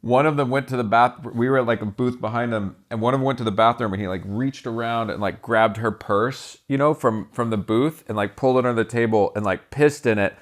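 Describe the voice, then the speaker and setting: A man's voice: medium pitch, fairly quick, few pauses. A man from Texas, a tattooer, telling rambling, profane stories as a podcast guest, breaking into laughter as he talks. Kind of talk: casual storytelling.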